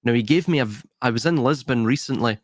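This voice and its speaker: A man's voice: mid-range voice, fast talker, no echo. Scottish man, thoughtful and dry. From Scotland. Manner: thoughtful, hedging, restarts often. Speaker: guest. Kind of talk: casual podcast chat.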